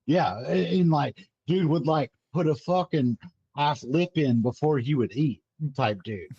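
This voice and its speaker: A man's voice: a little high, unhurried, warm tone, slightly rough, no room sound, lo-fi sound. Profane laughing storyteller man. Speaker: guest, former Marine. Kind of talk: casual chat.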